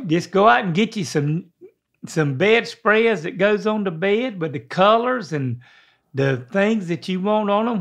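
Older man, high-pitched, folksy and rambling, casual advice chat. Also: fairly bright tone. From American South. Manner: folksy, rambling, clears throat often. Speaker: guest father giving advice.

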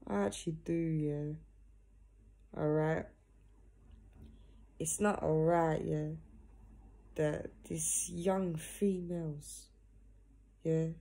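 A young female vlogger chats casually to her phone or camera at home in her pajamas, earnest and direct, tacking "yeah?" onto almost every phrase. Her voice sits low and mellow, with vocal fry.

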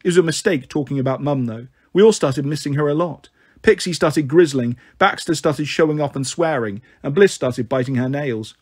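Male storyteller, husky tone, pitched a touch high, voices the characters. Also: normal speed. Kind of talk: reading a children's novel aloud.

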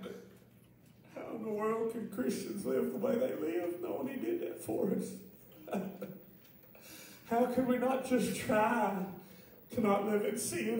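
A male pastor preaching a sermon with impassioned intensity, often shouting and repeating phrases. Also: very high-pitched, a little hiss or hum. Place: church sanctuary. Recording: echoey church from far off.

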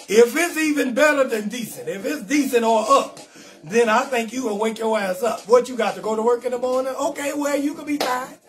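Brash high-voiced comedian hosting live. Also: male voice. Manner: brash, profane, animated, talks straight to viewers. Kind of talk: loud comedic live-stream rant.

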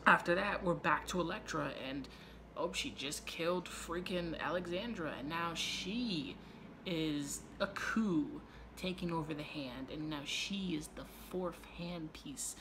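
A man hosting his own channel, giving a loose, profane and excitable spoiler recap with quick asides. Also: on the high side, background noise. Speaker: YouTube show reviewer.

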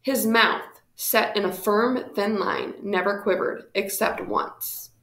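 A woman reading a historical storybook aloud in steady, measured narration. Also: medium pitch, reverberant.

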